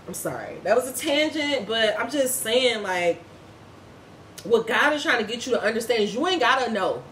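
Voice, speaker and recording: A woman's voice: a little high, expressive, a little fast, a bit bright, slight background noise. Woman spiritual reader, vlog style, profane and preachy, echoey room with faint ambience behind. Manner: blunt, profane, preachy ranting. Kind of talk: casual spiritual reading vlog.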